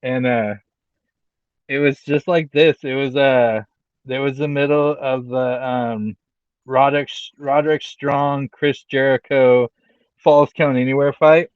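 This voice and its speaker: A man co-hosting a wrestling podcast in casual chat, rambling with lots of fillers and getting animated when he retells things. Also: medium pitch, slow, smooth, no echo, lo-fi sound. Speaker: podcast co-host.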